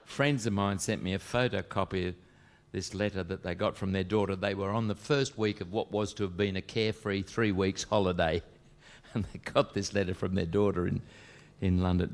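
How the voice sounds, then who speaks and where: A man's voice: sits low, moderate pace. Man telling jokes. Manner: relaxed, chatty storytelling with laughs. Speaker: comedian. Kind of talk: stand-up joke telling.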